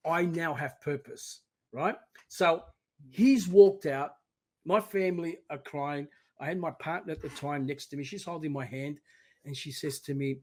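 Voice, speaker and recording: A middle-aged man speaking as a podcast guest, his voice sitting a little high for a man. He tells his story with emphatic, animated energy. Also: moderate pace. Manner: emphatic, animated storyteller, often quoting himself. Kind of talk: personal storytelling in conversation.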